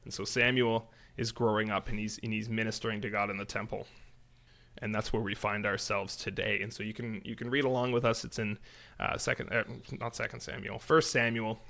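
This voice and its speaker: A man co-hosting a church podcast, retelling a Bible story in casual, animated chat. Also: on the low side, brisk, vocal fry. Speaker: podcast co-host.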